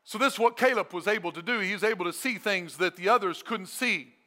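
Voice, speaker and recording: A man preaching a sermon as a pastor, emphatic and energetic, repeating his phrases for effect. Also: sits high, fast talker, in a large hall. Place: church sanctuary.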